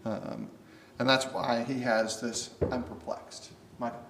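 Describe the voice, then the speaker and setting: A man teaches a Bible study in a relaxed, conversational way, earnest and lively, and now and then slips into the voices of the people he quotes. He sounds a little distant from the mic. The room is echoey, with a faint hiss underneath. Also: mid-range voice, unhurried.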